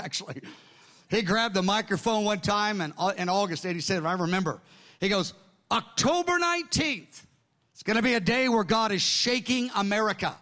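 A middle-aged man, a pastor, telling stories in a sermon and acting out conversations with others. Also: high voice. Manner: animated anecdotes, quoting others in dialogue. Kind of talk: sermon storytelling.

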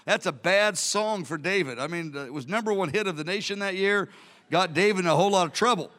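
Man, pastor, sermon, high voice, bright tone, animated storytelling. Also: fairly quick. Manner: animated, storytelling, acting out scenes.

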